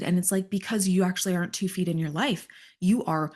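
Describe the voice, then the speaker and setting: A woman's voice: on the low side, fairly quick, a little mellow. A middle-aged woman hosting a solo motivational podcast, talking in an earnest, emphatic coaching tone. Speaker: podcast host.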